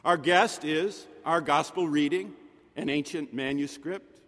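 A man preaching a sermon in a rhetorical manner, with dramatic pauses and soft drops in his voice. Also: on the high side. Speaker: pastor. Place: chapel. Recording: long reverb of a chapel.

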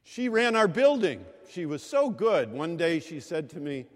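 A male pastor preaching a sermon, telling stories in a measured way with pauses and emphasis. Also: a little high, sing-song. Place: large chapel. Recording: long chapel reverb.

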